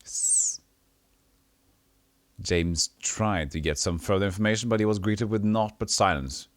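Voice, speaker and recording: A man's voice: lowish voice, a little slow, no room sound. A man streaming a retro role-playing game, chatting casually and reading the game's text aloud, often stumbling and correcting himself. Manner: animated, reads with stumbles and self-corrections. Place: home streaming setup.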